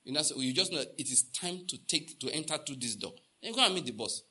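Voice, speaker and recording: Slightly fast with few pauses, a Nigerian pastor preaches in a higher, husky voice that is pushed and bright, with lively intonation. He tells stories, acts out the dialogue, repeats lines for emphasis, and quizzes the congregation.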